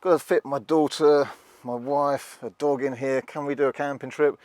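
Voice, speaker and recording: A man's voice: mid-range voice, steady tone, normal speed, a little mellow, no echo. A man chatting casually in a wry, self-mocking way while showing off the inside of a passenger van. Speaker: van reviewer. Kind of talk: casual hands-on vlog demo.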